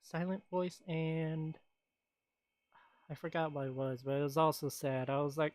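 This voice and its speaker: Streamer, casual chat, rambling, laughs and sighs often, slow pace, dry close sound. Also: medium pitch, no room sound.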